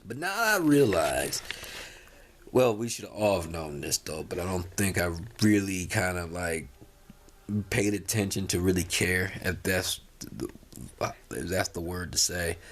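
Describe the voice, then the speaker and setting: A man's voice: sits low, animated, a little slow. A tired man talking casually to his viewers, rambling with many restarts and fillers. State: tired, yawning. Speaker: vlogger. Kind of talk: casual talk to camera.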